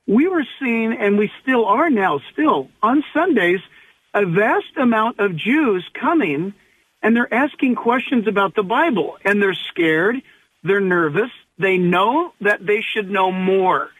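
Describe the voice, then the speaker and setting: Pastor on a tinny phone line. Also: male voice, high voice, animated, no echo. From Southern California. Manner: earnest, preacherly, slows for emphasis. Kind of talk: radio interview guest.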